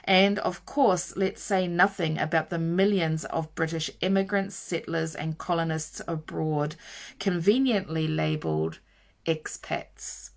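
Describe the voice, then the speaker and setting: A woman host reading a nonfiction book aloud in a measured, emphatic way, stressing each item in her lists. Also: sits low, fairly even intonation, creaky.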